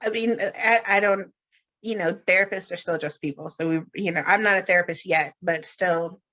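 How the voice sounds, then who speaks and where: A woman's voice: on the low side, steady tone, moderate pace, sharp tone, dull audio. A middle-aged woman hosting a podcast, chatting casually and laughing often. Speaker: podcast host. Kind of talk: casual chat.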